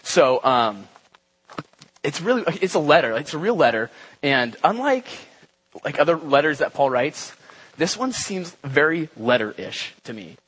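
A young man giving a relaxed, conversational church talk, with many fillers and asides. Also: a little high, unhurried, breathy edge, rough recording. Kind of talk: casual sermon. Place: church gathering.

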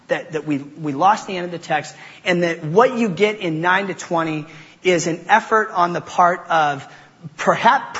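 A man preaching a sermon in a relaxed, conversational way, with frequent restarts and casual asides. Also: high voice. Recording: dull audio with long hall reverb.

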